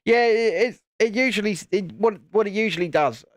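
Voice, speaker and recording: A British man chats away on a live stream, playful and easygoing, often tripping over and restarting his sentences. His voice sits a little high for a man. The sound is close and dry, with no room around it. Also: moderate pace, no room sound. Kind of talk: casual chat while building Lego live.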